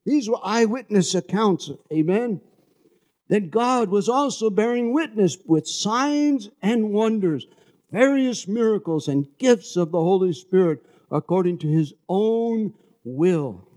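A man's voice: sits high, lively intonation, takes it slowly, a little mellow. A man from New York City preaching a conversational sermon, often asking the congregation for an amen.

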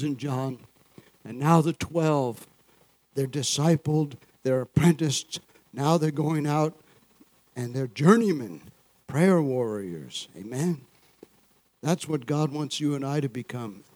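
A man's voice: on the high side, takes it slowly, mellow, no echo. Dry-toned man preaching a sermon. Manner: call-and-response, frequent "Amen?" and chuckles. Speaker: pastor.

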